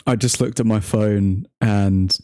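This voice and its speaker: A man's voice: on the low side, steady tone, slow pace, warm tone, no room sound, clean studio sound. A young man hosting a football watchalong stream, joking and bantering with viewers in the chat and laughing often. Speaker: livestream host reading chat.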